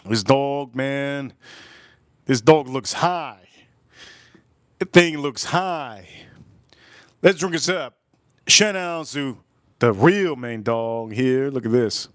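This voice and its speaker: A man's voice: clear, resonant tone, dry recording, clean studio sound. Rambling, jokey male stream host. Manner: rambling, jokey storyteller with quick bursts and slow drawn-out remarks; slips into high put-on voices for quoted people. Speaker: host of a live drink-tasting stream. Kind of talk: casual live-stream chat.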